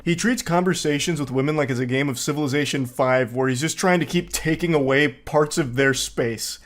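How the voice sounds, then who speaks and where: Sarcastic man reacting to clips. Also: on the high side. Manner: sarcastic, mocking. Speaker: commentary host. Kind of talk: reaction commentary.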